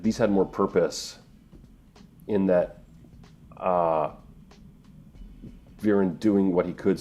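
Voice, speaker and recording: Middle-aged guy talking about his acting, earnest and halting, low mellow voice. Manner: earnest, emotional, halting with restarts. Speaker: voice actor guest. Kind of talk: reflective interview answers.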